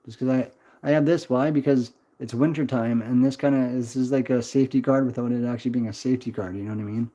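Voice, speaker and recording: A man's voice: mid-range voice, warm tone. A man in his twenties chatting on a casual livestream, rambling, swearing and answering chat. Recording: dull lo-fi stream audio.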